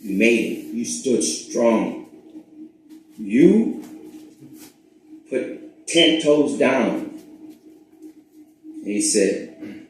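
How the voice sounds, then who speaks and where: A man hosting his own spiritual channel, rambling in a profane, casual monologue that swings between loud bursts and hushed asides. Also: medium pitch, expressive, extremely slow, long pauses, a little hiss or hum. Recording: very echoey room.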